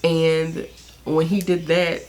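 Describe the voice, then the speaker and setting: A woman's voice: sits low, completely flat delivery, takes it slowly, darkish tone. A young woman vlogger telling a personal story in a candid, chatty way, laughing often and using lots of fillers. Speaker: beauty vlogger. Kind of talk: casual storytime.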